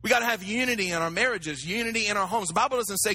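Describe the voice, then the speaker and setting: A man preaching a sermon, animated and talking to his congregation with acted asides. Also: high-pitched, rapid-fire, hardly any pauses. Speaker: pastor.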